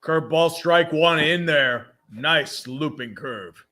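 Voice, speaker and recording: Higher-voiced dude doing dry play calls between jokes. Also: male voice, slow, bright, forceful tone. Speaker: co-host. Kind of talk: casual play-by-play chat.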